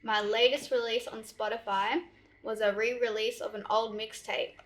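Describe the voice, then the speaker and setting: A woman's voice: a little high, level tone, moderate pace, fairly bright tone, poor audio. A woman reading out quiz clues plainly on a podcast. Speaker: quiz reader.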